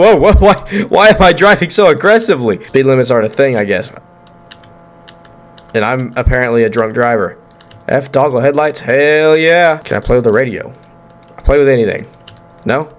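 A young man giving let's-play commentary on a horror game, excitable, joking and swearing as he reacts. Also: mid-range voice. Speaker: gaming YouTuber.

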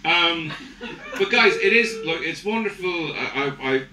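A man's voice: on the high side, expressive, unhurried. An Irish man doing live stand-up comedy in a rambling, profane, self-mocking way on a comedy club stage. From Ireland. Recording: roomy live club audio from a distance with background noise.

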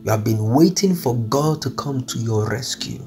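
A man preaching an earnest devotional message with a gravelly, creaky edge to his voice. His pitch sits at an ordinary middle level, and soft music plays behind him. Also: expressive, normal speed. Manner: earnest, pleading, repeats phrases. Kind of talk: devotional sermon over music.

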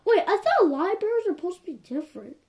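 A woman with a high voice giving casual game commentary. Her pitch swings widely, and she talks in an animated, exasperated way, circling back to the same complaints again and again. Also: fast. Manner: animated and exasperated, repeats "like, for real". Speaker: gameplay commentator.

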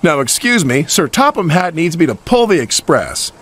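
A man's voice: on the high side, sing-song, moderate pace, fairly bright tone, pitched above the performer's own voice. A man voicing a vain, boastful male engine who talks haughtily. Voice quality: haughty, sneering.

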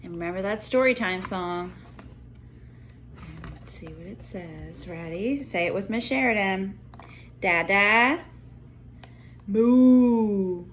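A woman teacher reading a picture book aloud to young children in a slow, sing-song way, with playful animal noises. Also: fairly low pitch, slight background noise.

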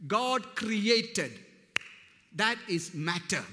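Man preaching, very high bright voice, emphatic declarations, long church-hall reverb. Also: very animated, unhurried, a little hiss or hum. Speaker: pastor. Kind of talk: sermon.

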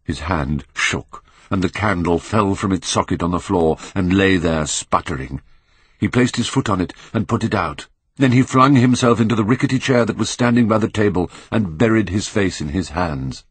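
A man narrates a classic novel in a measured, expressive way with dramatic swells. His voice is deep and husky, recorded close on a studio mic with a dry sound. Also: no echo. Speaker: audiobook narrator. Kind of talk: scripted literary narration.

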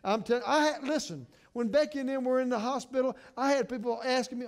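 A middle-aged man pastor preaching a sermon with passion, moving between hushed and emphatic and often restarting words. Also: very high-pitched, fairly quick, few pauses.

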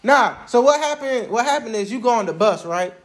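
A young man with a notably high-pitched voice tells a story to the camera in a relaxed, conversational way. His talk is loose and slangy, peppered with casual fillers like "man" and "bruh". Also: brisk. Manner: slangy, laid-back, sprinkles "man" and "bruh". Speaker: vlogger recounting Army basic training.

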